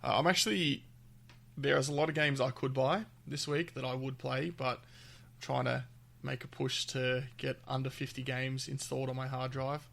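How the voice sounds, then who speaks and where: Gravelly-voiced man co-hosting a podcast. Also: medium pitch, level tone, moderate pace, fairly bright tone. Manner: easygoing, chuckles often, trails off mid-thought. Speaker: podcast co-host. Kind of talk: casual chat.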